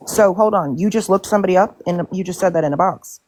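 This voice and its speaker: A woman hosts a casual live stream, blunt and exasperated, swearing freely as she rants. Her voice sits a bit low for a woman. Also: fast, darkish tone, a little hiss or hum. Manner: blunt, profane, exasperated ranting. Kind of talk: casual livestream chat.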